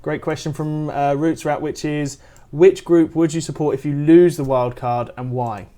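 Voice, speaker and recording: A man's voice: fairly high pitch, fairly even intonation, normal speed, mellow. A man co-hosting a livestream, asking rambling questions with restarts. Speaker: livestream co-host. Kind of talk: livestream interviewing.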